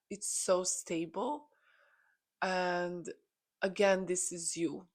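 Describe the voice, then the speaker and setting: A woman channeling a spiritual message to her viewers, earnest and encouraging, with frequent fillers. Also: lowish voice. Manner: earnest, encouraging, many "you know" fillers.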